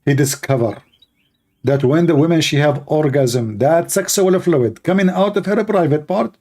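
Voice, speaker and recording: A man's voice: on the high side, moderate pace, a little mellow. A man giving sarcastic, mocking livestream debate commentary in broken English. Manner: broken, non-native English phrasing. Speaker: online debater.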